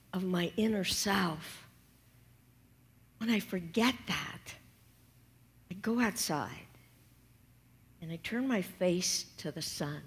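A woman minister preaching a sermon, talking softly and slowly and sometimes dropping to a whisper. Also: fairly low pitch, breathy edge. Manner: soft and slow, dropping to whispers.

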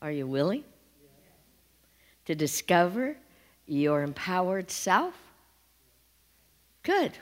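A woman's voice: lowish voice, sing-song, slow, long pauses. A woman minister preaching a sermon, telling stories with humor and inviting her congregation to join in. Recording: long hall reverb.

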